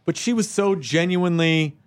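A man's voice: high voice, normal speed, clear, resonant tone. A man hosting a podcast, chatting casually and joking with his guest. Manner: animated, joking, puts on silly voices. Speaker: podcast host. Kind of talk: casual chat.

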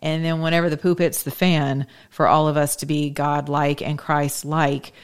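A woman's voice: low-pitched, flat delivery, moderate pace, clear, resonant tone. A woman hosting her show, giving an emphatic, folksy, preachy monologue. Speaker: show host. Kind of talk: impassioned casual monologue.

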